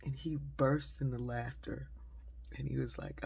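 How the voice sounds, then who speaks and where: A woman tells a personal story in a relaxed, conversational way, pausing on fillers as she goes. Her voice is husky and gravelly, with plenty of fry. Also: extremely low pitch. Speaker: speaker telling a personal story. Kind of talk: storytelling monologue.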